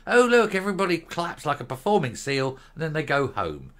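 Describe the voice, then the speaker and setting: A man's voice: a little high, huge pitch swings, brisk, a bit bright. A middle-aged man hosting a political commentary show, ranting in a sarcastic, mocking, scornful way.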